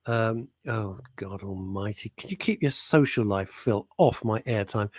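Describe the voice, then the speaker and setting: Brief: middle-aged British radio host, joking banter, dry close sound. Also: male voice, lowish voice, no echo. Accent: British English. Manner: jokey, teasing, quick asides. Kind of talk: casual banter on air.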